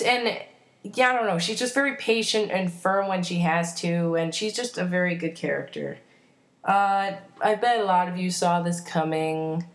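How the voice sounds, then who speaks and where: A woman rambling enthusiastically in a casual fan vlog, full of fillers and self-corrections. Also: on the low side. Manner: enthusiastic, opinionated. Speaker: vlogger.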